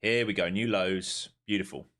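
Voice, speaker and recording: Male trader-streamer with a lowish voice and a chatty running commentary that goes from quiet muttering to sudden excitement. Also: moderate pace. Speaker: live-streaming day trader. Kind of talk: live trading commentary to viewers.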